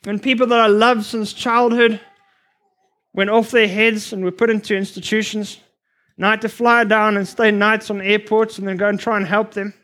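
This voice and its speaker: A man preaching a sermon to future missionaries, earnest and emphatic, sometimes rushing his words. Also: high voice, flat delivery, a bit bright. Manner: earnest, emphatic, rushes at times.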